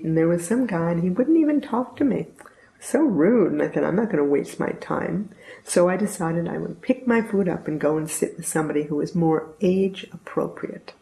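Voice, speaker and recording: Older woman telling a story, gravelly. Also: on the low side, expressive, brisk, mellow. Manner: earnest, reflective, plainspoken. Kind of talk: personal storytelling. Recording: roomy echo.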